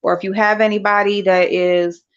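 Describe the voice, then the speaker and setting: A woman's voice: mid-range voice, flat delivery, normal speed, a little hiss or hum. Blunt, profane woman on a lo-fi stream. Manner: blunt, profane, talks straight to chat. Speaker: livestream host. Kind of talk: casual livestream chat with viewers. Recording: dull lo-fi livestream audio.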